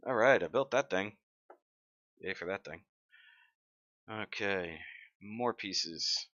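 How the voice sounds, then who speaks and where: Bright-voiced man, chatty stream host. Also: on the low side, slow pace. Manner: chatty, reads comments aloud, joking. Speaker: livestream host. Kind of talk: casual live-stream chat. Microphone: desk mic. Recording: dry, dull lo-fi sound.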